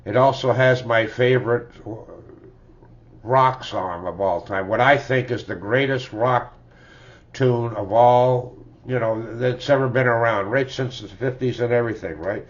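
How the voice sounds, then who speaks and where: A man's voice: medium pitch, a little slow. Older man rambling about records. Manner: rambling, chuckling, tags lines with "eh?". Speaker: music collector vlogger. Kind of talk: casual reminiscing about records. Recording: dull lo-fi home recording.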